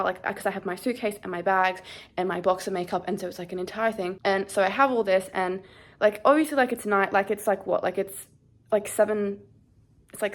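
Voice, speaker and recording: A young woman talks straight to camera, still shaken and scared as she recounts what happened. She rambles, filling every pause with "like". Her voice sits at an ordinary middle pitch. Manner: shaken, rambling, heavy use of "like". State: shaky and scared. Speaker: vlogger. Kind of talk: casual storytime chat.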